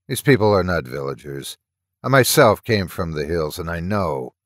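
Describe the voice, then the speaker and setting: A stern, sharp-eyed old lighter, voiced by a man, questions strangers in a low voice. He is harsh and commanding in a dry, close recording. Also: big pitch swings, normal speed, dry recording. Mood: suspicious.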